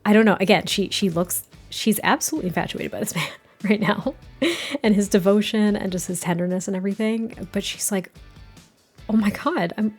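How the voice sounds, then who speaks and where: A woman's voice: mid-range voice, fairly quick, slightly rough, soft background music. A woman casually narrating a life-sim story, chatty and giggly, rambling and restarting her sentences. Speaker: game narrator. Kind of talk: casual let's-play storytelling.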